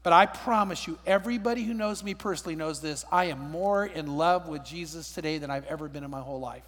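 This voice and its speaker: An older male pastor preaching with a fairly high voice. He tells stories emphatically, often repeating words as he goes. The sound rings with a long hall reverb. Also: fast talker, fairly bright tone. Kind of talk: sermon.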